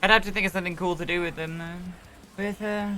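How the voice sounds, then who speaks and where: A woman's voice: on the low side, fairly even intonation, brisk, pushed and bright, slight background noise. A woman streamer chatting casually while roleplaying, rambling with many restarts and the odd swear. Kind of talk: casual chat.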